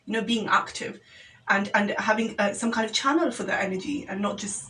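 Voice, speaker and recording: A woman's voice: medium pitch, brisk, a bit bright, recorded from a distance, a little hiss or hum, poor audio. Passionate woman guest. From Birmingham, England. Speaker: radio show guest, community organiser. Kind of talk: casual radio discussion.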